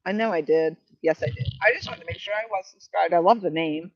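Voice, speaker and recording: A woman's voice: fairly low pitch, brisk, dry recording, lo-fi sound. A woman from New Hampshire hosting a live stream outdoors, chatting casually and reading viewer comments aloud. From New Hampshire, New England. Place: outdoors by the water. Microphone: Bluetooth headset.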